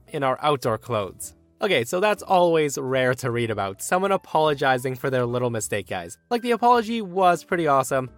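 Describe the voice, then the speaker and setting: A man hosting a story channel, narrating a scripted story in a lively, expressive way. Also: medium pitch.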